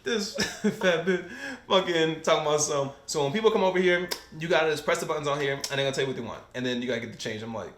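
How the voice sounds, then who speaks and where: A young man tells a story on his podcast, loose and profane, laughing often. His voice is fairly high and bright. The room around him is echoey. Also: fast talker, hardly any pauses. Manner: profane, animated, laughs often while telling stories. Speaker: podcast co-host. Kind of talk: casual storytelling chat.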